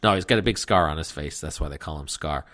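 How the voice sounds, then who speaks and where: A man's voice: a bass voice, quick pace, a bit bright. A man hosting a podcast, giving a rambling, joking recap of a movie plot in casual chat. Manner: jokey, rambling plot recap with silly voices. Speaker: podcast host.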